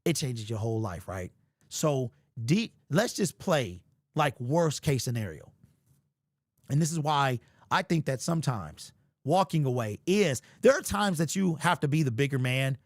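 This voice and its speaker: A man's voice: mid-range voice, a little slow, dry recording, studio quality. A man hosting a casual sports talk show, joking around with big exaggeration and lots of slang. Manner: animated, joking and hyperbolic, slangy.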